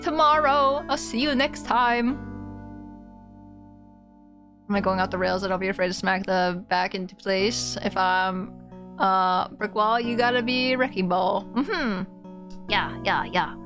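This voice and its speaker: A woman's voice: mid-range voice, a little slow, a bit bright. A woman streamer in casual live chat with her viewers. She talks in a chatty, openly emotional way, straight to her chat. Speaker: game streamer. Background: faint game music.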